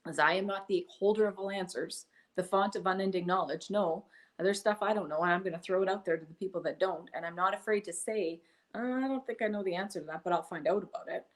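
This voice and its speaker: Enthusiastic woman telling animated stories. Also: mid-range voice, quick pace. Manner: enthusiastic, animated storytelling with acted-out quotes. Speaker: guest, online business builder. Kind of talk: casual interview chat.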